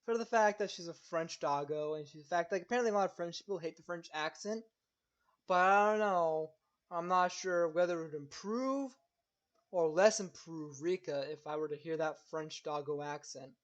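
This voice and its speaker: A man's voice: a little high, normal speed, dull audio. A man co-hosting a casual streamed talk show, chatting loosely and often stammering and repeating words. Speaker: co-host.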